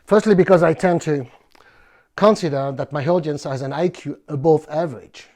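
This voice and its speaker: A man from France with a French accent, hosting a bonsai video in a playful, halting way with many fillers. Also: a little high, dark tone. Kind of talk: casual presentation.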